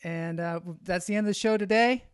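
A man hosting a podcast, wrapping up the show in a relaxed way with a few fillers. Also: sits high, brisk, clear, resonant tone, no echo, studio quality. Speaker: podcast host. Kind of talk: show sign-off.

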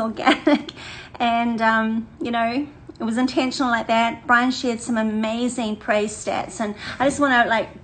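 An older woman, chatting warmly and energetically to a women's church group, laughing often and repeating phrases. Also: fairly high pitch, a little hiss or hum, low-quality recording. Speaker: women's ministry leader. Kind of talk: casual livestream chat to a women's group.

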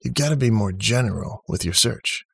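A sarcastic young man handing out wry, mocking replies, played by a male narrator. The voice is husky with a little gravel, pitched just above the narrator's own low register. It is recorded dry and close. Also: expressive, normal speed, no room sound, exaggerated voice.

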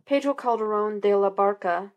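Woman doing a quiet, wistful guilty woman. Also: medium pitch, moderate pace, lo-fi sound, natural voice. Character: troubled woman murderer, quiet and sad.

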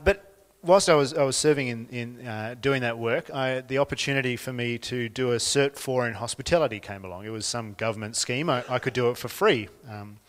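An Australian man delivers a sermon at an ordinary, mid-range pitch. His voice rings with a long reverb, like a church hall. He drops low and quiet for reflection, then builds to emphatic peaks. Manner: expressive preaching that swings from quiet to emphatic. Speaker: pastor.

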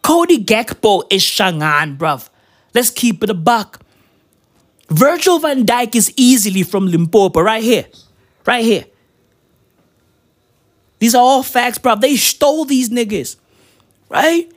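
A woman's voice: fairly high pitch, lively intonation, slow, long pauses. A young woman from Africa, delivering a profane comedic rant that keeps tossing in "right?". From South Africa.

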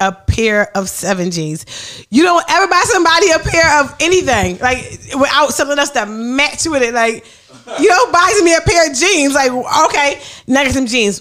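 A woman's voice: high voice, expressive, a little fast, a bit bright. A woman hosting a podcast in casual chat, blunt and profane, laughing often. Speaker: podcast host.

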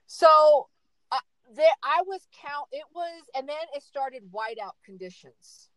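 A woman's voice: fairly high pitch, lively intonation, moderate pace, dry recording, low-quality recording. A middle-aged woman telling a dramatic story in casual chat, repeating words for emphasis.

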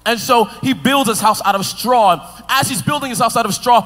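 A preacher with a high, bright voice tells a story to his congregation, lively and playful, calling out to the room. His voice rings with a long hall reverb. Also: a little fast. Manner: animated, playful, talks to the crowd. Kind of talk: storytelling sermon.

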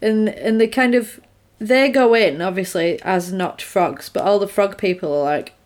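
A woman casually retelling a film's plot scene by scene, quickly voicing the characters' lines as she goes. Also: mid-range voice, darkish tone. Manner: chatty, retells scenes with quick quoted voices. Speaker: podcast co-host recapping a film. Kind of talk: casual chat.

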